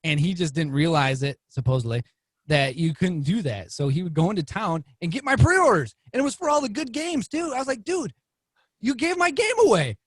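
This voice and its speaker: Husky-voiced man telling a story. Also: fairly quick, dry recording. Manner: animated, acts out quoted lines with rising pitch. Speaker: podcast guest, TV weatherman. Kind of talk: casual storytelling.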